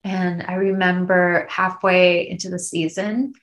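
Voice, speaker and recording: A woman's voice: on the low side, little pitch movement, a little slow. A woman in her thirties, an actress and guest, telling her story candidly in a podcast interview, tearful at times.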